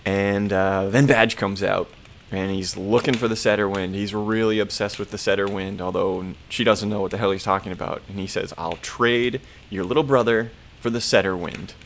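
A man co-hosting a podcast, recapping a horror episode in an animated, profane, casual way. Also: fairly low pitch, slight background noise. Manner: animated, profane storytelling with quick put-on voices. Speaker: podcast co-host.

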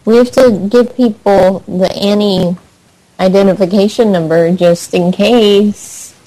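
A woman co-hosting a prank call show in casual chat, brisk and teasing with a sarcastic edge. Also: mid-range voice, fairly even intonation, mellow, poor audio.

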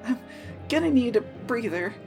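A man voicing a young high elf boy who is frightened and out of breath in a tabletop game. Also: lively intonation, gravelly, music in the background, exaggerated voice. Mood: scared. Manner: breathless, rushed, scared.

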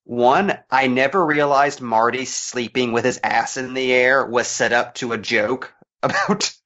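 A man co-hosting a podcast, analyzing a film in a casual, animated way and laughing often. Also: medium pitch, measured pace. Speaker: podcast co-host. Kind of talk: casual movie commentary chat. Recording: dull lo-fi sound.

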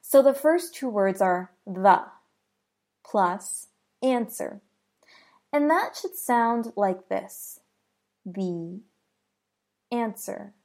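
An American woman teaching pronunciation at an unhurried pace. Her voice sits at a middle pitch, and she says each example word on its own, then repeats it for learners to copy. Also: darkish tone. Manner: models words slowly and repeats them for learners. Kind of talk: slow, clear pronunciation lesson.

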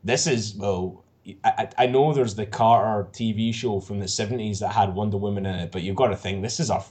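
A man co-hosting a podcast who talks about films in an animated, excitable way and swears freely. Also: lowish voice, fairly quick. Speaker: podcast co-host. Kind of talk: casual podcast chat.

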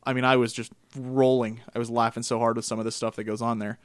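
A man co-hosting a gaming podcast, chatting casually and telling animated stories with frequent laughter. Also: mid-range voice, fast, no echo, clean studio sound. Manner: laughs often, animated storytelling. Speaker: podcast co-host. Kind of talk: casual chat about games.

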